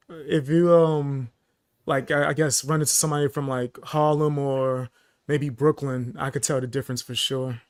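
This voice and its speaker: A man's voice: medium pitch, steady tone, unhurried. Bronx guy chilling on a live chat, easygoing. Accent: Bronx New York. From the Bronx, New York. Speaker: guest. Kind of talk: casual livestream chat.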